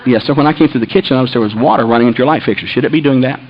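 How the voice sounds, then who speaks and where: Calm, earnest young college woman, a man voicing her, low and quiet, quick delivery. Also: dull audio, background noise, natural voice. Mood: calm concern.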